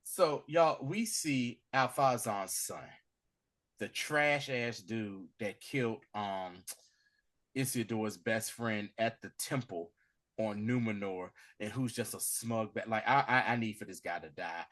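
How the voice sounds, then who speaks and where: A man hosting a podcast, casually recapping a TV episode and acting out the characters' lines in a slangy, animated voice. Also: on the low side, unhurried. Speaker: podcast host.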